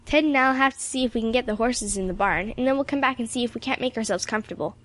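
A woman reading an audiobook voices a confident, cheerful teenage boy who takes charge briskly and boasts. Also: a little high, natural voice.

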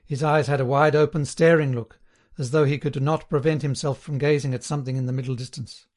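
A man with a mid-range voice narrates a novel as an audiobook reader. His scripted delivery is measured and even, in a steady storytelling style.

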